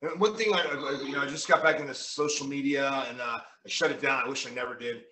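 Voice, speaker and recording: A man hosting a podcast as a pro wrestler, telling stories in a lively, excited way, recorded from a distant mic in a roomy space. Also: mid-range voice. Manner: animated storyteller, quick and excited. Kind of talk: casual podcast chat.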